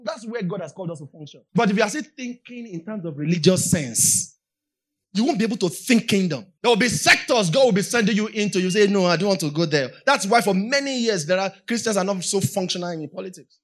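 A Nigerian woman with a Nigerian accent preaching a sermon, repeating her points and building up to shouts. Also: medium pitch, lively intonation, fairly quick.

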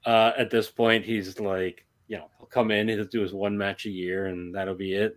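A man appearing as a guest on a podcast, giving measured, analytical takes in a casual discussion. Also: lowish voice, little pitch movement.

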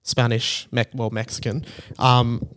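A man tells a relaxed travel story as a podcast host. He rambles loosely and leans on plenty of "like" and "um" as he recalls the details. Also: medium pitch, unhurried. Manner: rambling, filler-heavy storytelling. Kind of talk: casual travel recap chat.

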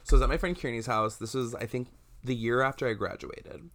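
A man's voice: mid-range voice, quick pace, a bit bright. A young man co-hosting a casual podcast, telling a ghost story animatedly with lots of filler words. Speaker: podcast co-host.

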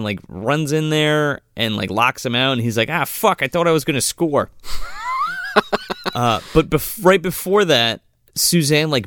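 A man's voice: mid-range voice, fairly bright tone, no room sound. A man co-hosting a casual movie talk, rambling and profane, with frequent laughs. The recording is dry and close, with no room sound. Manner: loose, profane, laughs often. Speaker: podcast co-host.

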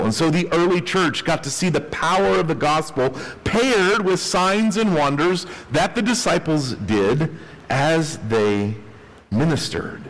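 A man, a pastor, preaching a sermon with emphatic delivery, dropping his voice low on key words. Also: long reverb tail, rough recording.

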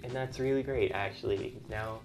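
A young man, a college student, venting in a rambling, casual monologue, swearing often and getting louder as he gets worked up. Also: lowish voice, normal speed, over music. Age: young adult. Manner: rambling, swears a lot, voice climbs when riled up.

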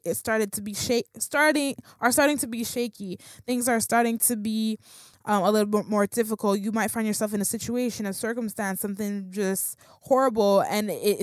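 A woman's voice: medium pitch, dry recording, studio quality. A woman giving a casual, conversational Bible talk, slangy and full of fillers and restarts. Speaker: Bible teacher.

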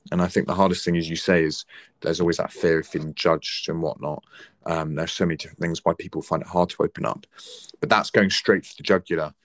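A man's voice: low-pitched, fairly even intonation, fast talker, no room sound, studio quality. A young man in his twenties talking earnestly and reflectively, giving heartfelt advice in a casual conversation.

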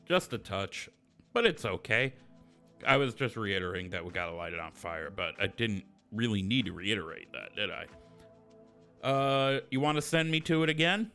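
Podcast host, man, bright and sharp-toned, loose swearing chat. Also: on the low side, expressive, moderate pace, faint music behind. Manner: swearing, explaining a drink recipe. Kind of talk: casual chat.

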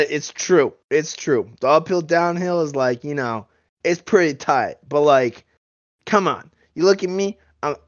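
A boastful, dim-witted young bro skier, played by a man with a slangy surfer drawl and a smooth, fairly high voice. The audio is dry and a little muffled. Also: no echo, lightly acted. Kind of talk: improv comedy character.

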